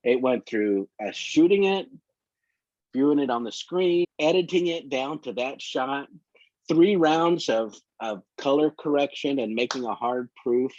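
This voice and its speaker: He's a photographer being interviewed casually, rambling through long, winding tales from his work. His mid-range voice is darkish and measured, and the recording is dry, dull and lo-fi.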